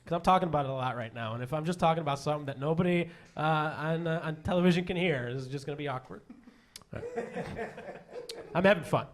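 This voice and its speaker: A man doing a stand-up comedy set, self-deprecating and halting, with many fillers and restarts. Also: on the high side, a little hiss or hum. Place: comedy stage before a live audience.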